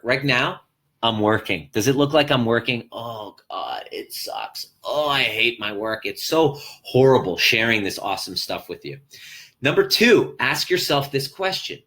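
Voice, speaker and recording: A man's voice: medium pitch, bright, forceful tone. A man talking as a life coach on a motivational live stream from a hotel room, speaking earnestly to viewers and repeating his key phrases.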